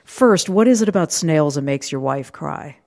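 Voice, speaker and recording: A woman's voice: low voice, animated, normal speed, vocal fry, darkish tone. Curious woman hosting a radio book show. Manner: thoughtful, curious questioning. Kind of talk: radio interview.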